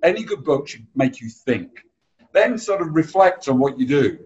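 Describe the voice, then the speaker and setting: A man's voice: fairly high pitch, very animated, moderate pace, darkish tone, highs cut off. A man hosting a podcast interview, chatty and anecdotal, who laughs easily. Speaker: podcast host.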